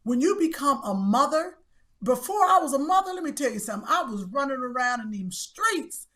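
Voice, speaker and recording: A woman's voice: sits high, sing-song, a little fast, a bit bright. A middle-aged woman co-hosting a comedy podcast, talking sassy and emphatic, with slang. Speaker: podcast co-host. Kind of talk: casual comedic chat.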